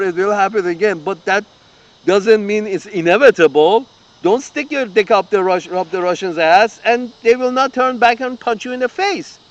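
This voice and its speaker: Dull audio captures a man whose voice sits high, speaking at a normal speed as a political commentator. His open-letter monologue is an angry, foul-mouthed rant, with repeated phrases and frequent restarts.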